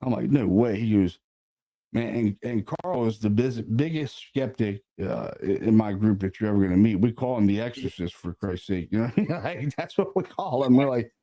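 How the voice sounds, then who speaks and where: A man, a paranormal investigator, casually telling a story about an investigation, animated and sprinkled with swearing and fillers. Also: lowish voice, moderate pace.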